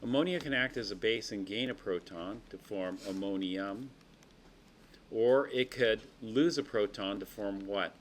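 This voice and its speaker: A man with a fairly low voice gives a chemistry lecture in a classroom. He walks through each step patiently and often checks that the students follow. Faint room noise sits under his voice. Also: a little slow.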